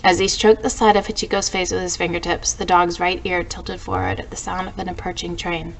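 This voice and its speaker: A woman teacher reading a storybook aloud to her class in a gentle storytelling way. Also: on the low side, lively intonation, a little fast, slight background noise, low-quality recording.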